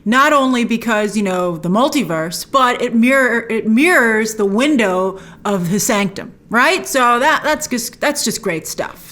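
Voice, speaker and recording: Young woman doing a casual trailer breakdown, higher voice, bouncy and excitable, lots of little jokes. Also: moderate pace, hardly any pauses. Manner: chatty and enthusiastic, with playful asides. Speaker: host of a film trailer review show.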